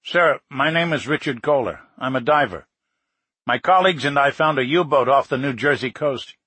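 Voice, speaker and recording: A man's voice: medium pitch, lively intonation, pushed and bright, breathy edge, no echo. Man voicing an eager nervous wreck diver. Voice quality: polite, hurried, eager.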